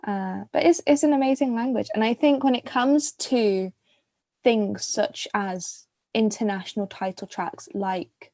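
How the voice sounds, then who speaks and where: A woman's voice: fairly high pitch, measured pace, warm tone, dry recording. A bubbly English woman in her twenties hosting a casual video chat, gushing and talkative. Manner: chatty, bubbly, gushing compliments. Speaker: host.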